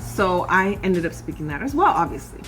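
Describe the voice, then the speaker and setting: A woman's voice: fairly low pitch, big pitch swings, a little fast, a bit bright, faint music behind. A woman from California chatting casually as she cooks in her home kitchen, often calling her viewers "y'all". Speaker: cooking vlogger. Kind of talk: casual cooking chat.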